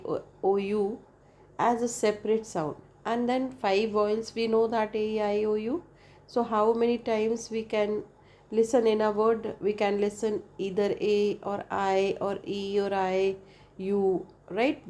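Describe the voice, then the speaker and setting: A woman's voice: mid-range voice, warm tone. A woman teaching an English lesson, explaining step by step, repeating her points and checking in with "right?" as she goes. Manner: repeats points, spells out vowels one by one; frequent "right?" checks with the listener.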